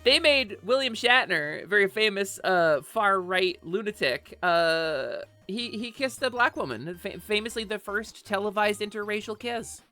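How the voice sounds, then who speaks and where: A woman's voice: mid-range voice, expressive, unhurried, hardly any pauses, sharp tone, soft background music. A woman streamer chatting casually and animatedly on a live stream, swearing offhand and laughing often. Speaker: Twitch streamer.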